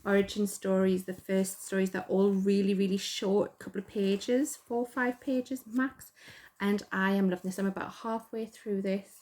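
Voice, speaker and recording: A woman's voice: medium pitch, little pitch movement, moderate pace, a little mellow. Middle-aged woman, Geordie accent, casual rambling chat, self-deprecating, lots of ums. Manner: chatty, rambling, self-deprecating, with many fillers. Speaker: podcast host.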